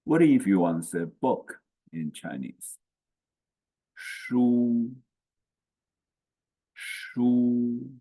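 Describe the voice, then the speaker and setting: A man teaching pronunciation slowly, saying each syllable and then repeating it. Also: sits low, huge pitch swings, dark tone, breathy edge. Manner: slow and deliberate, repeats each syllable twice. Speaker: language teacher. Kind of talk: slow pronunciation lesson.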